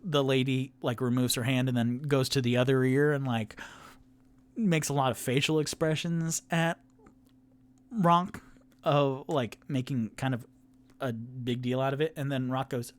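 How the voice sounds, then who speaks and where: A man's voice: medium pitch, fairly even intonation, a little slow, dry recording. A man who is the game master and sole player of a tabletop game, narrating in a rambling, casual way.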